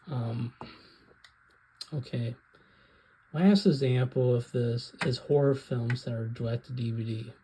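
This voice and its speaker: Hosting his own video, a man rambles on about films in a casual rant, full of ums and hesitations. His voice is medium-pitched and mellow, with slight background noise in a low-quality recording.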